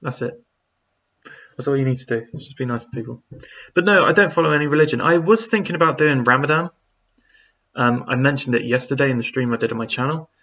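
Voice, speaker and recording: A man chats loosely on a live stream, reading viewer questions aloud and wandering through his answers with plenty of ums. His voice sits at an ordinary middle pitch. The stream audio is a little dull and lo-fi. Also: fast, pushed and bright. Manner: rambling, reads out chat messages with many fillers. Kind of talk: casual live-stream chat.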